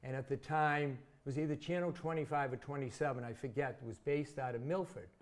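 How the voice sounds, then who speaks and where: A man in his sixties from Massachusetts, speaking at a mid-range pitch. He tells stories as an interview guest in a relaxed, conversational way. The stories are vivid, and he pokes fun at himself. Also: fairly quick. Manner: chatty, vivid anecdotes with self-deprecating humor. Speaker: interview guest, former teacher. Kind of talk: casual storytelling in an interview.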